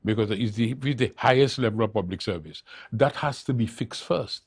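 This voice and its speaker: A man's voice: lowish voice, normal speed, breathy edge, dry recording, clean studio sound. An older man, a guest on a talk show, speaking emphatically and repeating his key phrases to drive points home. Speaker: interview guest, political leader. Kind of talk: studio talk show interview.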